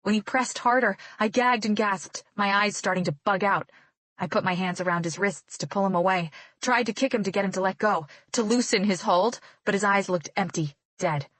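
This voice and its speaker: A woman's voice: medium pitch, normal speed, a bit bright, no echo. A woman reading a first-person romance audiobook in a tense, dramatic way. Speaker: audiobook narrator.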